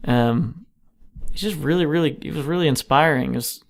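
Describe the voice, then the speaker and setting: A touring guitarist guests on a podcast recorded in a home basement, chatting casually in an easygoing, rambling way full of "you know" and "man." His voice is on the high side and creaky, at a moderate pace.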